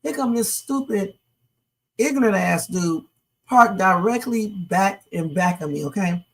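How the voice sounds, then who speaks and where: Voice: mid-range voice, lively intonation, a little slow. A livestream host giving blunt, profane reaction commentary and talking straight to the viewers.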